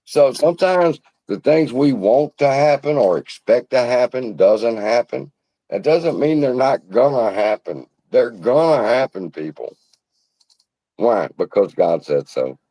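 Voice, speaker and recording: A man's voice: mid-range voice, lively intonation, unhurried, mellow, no echo, rough recording. A man hosting a casual livestream, telling a folksy parable in a profane, preacherly way from a room at home. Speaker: investing channel host. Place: hot room at home beside air conditioner.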